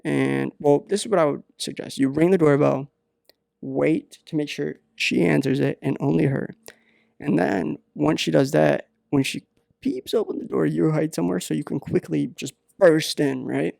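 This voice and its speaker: A man with a gravelly voice delivers comedic advice in a deadpan ramble, stalling on fillers as he goes. He sounds close and dry, hosting his own podcast. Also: fairly high pitch, no echo. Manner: rambling, halting, many fillers. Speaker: podcast host.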